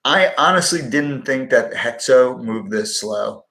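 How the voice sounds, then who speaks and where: Guy on a livestream chatting casually, gravelly lowish voice, kinda echoey room, swears a lot and cracks jokes. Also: animated, measured pace, pushed and bright. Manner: blunt and profane, wisecracking, hums to himself. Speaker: livestream host answering viewer questions on stocks. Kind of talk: casual live-stream chat.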